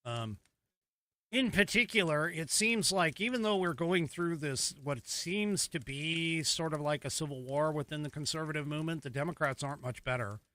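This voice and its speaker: American male podcast host, high, bright and dry, combative mocking commentator. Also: normal speed, dry recording. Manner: combative, mocking, rising emphatic delivery. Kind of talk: solo political commentary.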